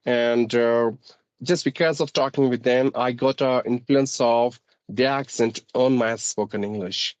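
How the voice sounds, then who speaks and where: A man's voice: mid-range voice, steady tone, a little slow, darkish tone, no room sound, low-quality recording. A man with an Indian accent who teaches English, hosting a casual speaking-practice conversation in a formal, articulate way.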